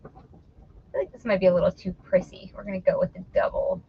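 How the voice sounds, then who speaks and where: A middle-aged woman hosts a casual reselling live stream, chatty and playful as she teases her viewers. Her voice sits at an ordinary pitch. The recording sounds a little dull and muffled. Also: flat delivery, fast, creaky, a little hiss or hum. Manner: chatty, playful, teasing the audience. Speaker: host of an online reselling show. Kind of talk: casual live-stream chat while listing items.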